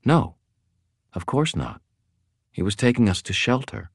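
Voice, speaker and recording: A calm, gentle young woman speaking quietly, as a male narrator lifts his voice to play her. Her tone stays soft and even. It sits clearly above his own deep voice. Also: a little slow, no echo, studio quality, heavily acted.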